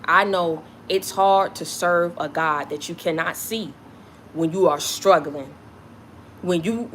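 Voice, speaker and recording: Her voice is lowish and a bit bright, with slight background noise, as this spiritual content creator preaches passionately to her viewers. She's blunt and profane, and she says lines over again to drive them home.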